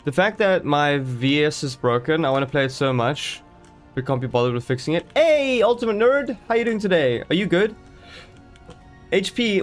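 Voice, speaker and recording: A man chatting live to his viewers while playing a game, rambling and joking as he goes, greeting people in chat. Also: medium pitch. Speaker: streamer.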